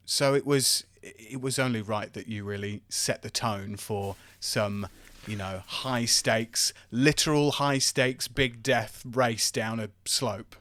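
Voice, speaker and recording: A man's voice: mid-range voice, fairly bright tone, dry recording, studio quality. A man, the game master, chatting casually and rambling a bit as he looks back on the game. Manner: rambling, reflective, with filler words. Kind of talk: casual podcast chat.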